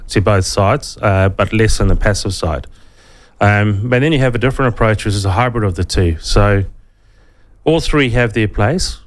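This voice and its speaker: In a radio interview, a South African man who works as a financial adviser explains investing in a relaxed manner with many ums. His voice sits on the low side.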